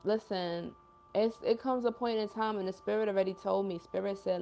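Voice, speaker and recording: A woman's voice: medium pitch, steady tone, fairly quick, creaky, mellow, soft background music. A young woman hosting a livestream as a self-described healer, talking in earnest, emotional casual chat full of slang like "yo" and "y'all" while reading out viewer comments.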